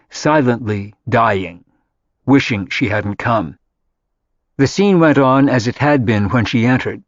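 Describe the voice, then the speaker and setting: A man reading a contemporary novel aloud in scripted narration, measured and even. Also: medium pitch, no room sound. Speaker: audiobook narrator. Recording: dry, slightly dull audiobook audio.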